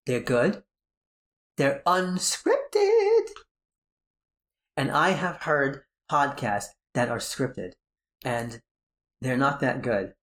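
A podcast host from New Jersey, US, with a New York accent chats casually, rambling and joking while constantly correcting himself. His voice is medium-pitched and a bit bright.

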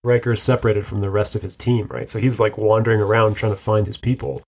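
A man's voice: lowish voice, flat delivery, fast, a little mellow. A man co-hosting a casual chat, rambling through a recap with fillers and frequent laughter. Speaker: podcast co-host.

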